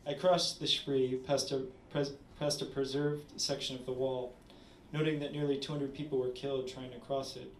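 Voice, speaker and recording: A man reading his own short story aloud at a literary event, measured with small stumbles. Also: medium pitch, little pitch movement, a little hiss or hum. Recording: roomy, distant audience recording.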